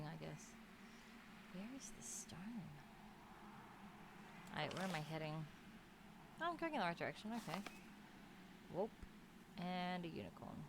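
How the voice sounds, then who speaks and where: A woman from Australia with a deep voice gives casual, chatty commentary while streaming a game, thinking aloud as she goes. The background is noisy, with game music loud behind her.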